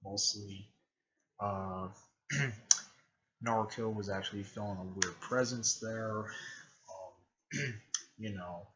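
A man with a fairly low voice talks through a story recap in a loose, meandering way, stopping for fillers and repeated throat clearing. The recording is dull and lo-fi. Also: steady tone, a loud crowd. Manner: halting, full of fillers and frequent throat clearing. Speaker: video creator recapping a fan series. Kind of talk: rambling casual recap.

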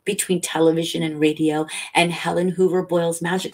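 A woman reading a novel aloud as a calm bedtime story, lifting her voice for the characters' lines. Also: on the low side, a little fast. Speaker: audiobook reader.

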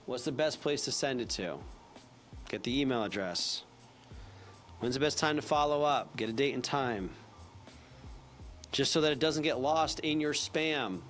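A man giving a casual sales training talk, chatty and energetic, acting out upbeat phone greetings. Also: mid-range voice, measured pace, pauses often, soft background music.

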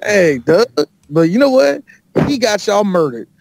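A man co-hosting a sports podcast in loose, profane banter. His voice sits a little high for a man, and he talks in quick bursts of trash talk broken up by laughter. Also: sing-song, vocal fry, darkish tone. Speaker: podcast co-host.

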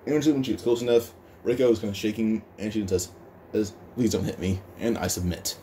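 A man narrates a fan story in a casual, fast, stumbling way, often restarting his phrases. His voice sits low-ish with a mellow, dark tone. There is faint noise behind.

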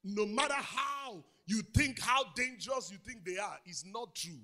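A pastor with a Nigerian English accent preaching a sermon in a church auditorium, calling out to the congregation and building up to shouted lines. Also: male voice, high voice, normal speed. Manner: preaching with crowd call-outs, swelling into shouts.

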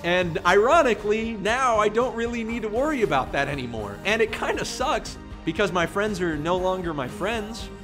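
Animated young man streamer over music. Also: high-pitched, moderate pace, hardly any pauses. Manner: excitable, swings from earnest to joking. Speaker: livestreamer. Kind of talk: casual livestream chat.

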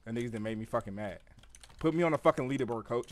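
A man's voice: mid-range voice, very fast. A man streaming a shooter game, ranting with frustration and a lot of swearing. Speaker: gaming streamer. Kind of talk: raging gameplay commentary.

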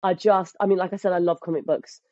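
A woman's voice: lowish voice, quick pace, dry recording. A woman in her thirties, a guest on a podcast, who tells stories with lots of laughter and restarts her sentences. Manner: animated storyteller, laughs often, restarts sentences. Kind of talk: casual chat. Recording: dull lo-fi dry sound.

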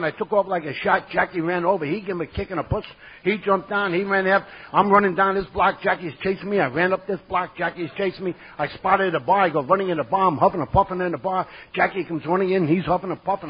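A streetwise man with a New York accent tells his story to a conference crowd, acting out his own old lines. His voice is a bit high and husky. The lo-fi recording of the live talk sounds dull. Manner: gruff streetwise storyteller, acts out quotes. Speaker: speaker sharing his recovery story. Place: conference hall.

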